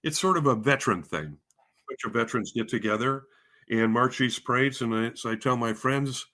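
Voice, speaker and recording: A guest who leads the bands at a music school and hails from Spokane, Washington speaks at normal speed with a medium-pitched, pushed and bright voice. Telling his story in a casual interview, he rambles and jokes at his own expense, with plenty of fillers and restarts.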